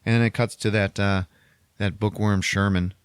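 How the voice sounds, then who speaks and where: A man hosting a podcast, casually recapping a movie with animated storytelling. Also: fairly low pitch, moderate pace, clear, resonant tone, no echo. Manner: animated storytelling, frequent laughter. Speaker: podcast host.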